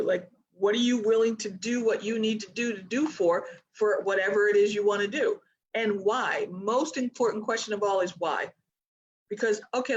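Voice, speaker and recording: A woman trading mentor talking casually to a live online audience in an energetic, motivational way, with chatty asides. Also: fairly high pitch, slightly rough, highs cut off. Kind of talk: casual live-stream talk.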